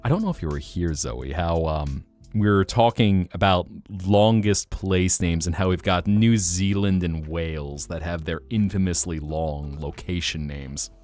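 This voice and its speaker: A man's voice: sits low, a little slow, hardly any pauses, a little mellow. A man streaming as a VTuber, chatting casually with his live chat in a playful, teasing way with joking mock denials.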